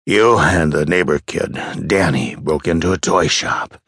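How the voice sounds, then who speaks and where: A man's voice: low voice, measured pace, a bit bright, slightly rough, no echo, clean studio sound, exaggerated voice. A man doing a frantic old male patient. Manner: urgent, insistent pleading.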